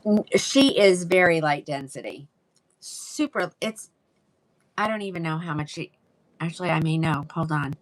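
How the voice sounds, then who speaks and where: A woman with a low-sitting voice speaking at normal speed hosts a live wig sale. She chats casually in the livestream and greets her viewers by name.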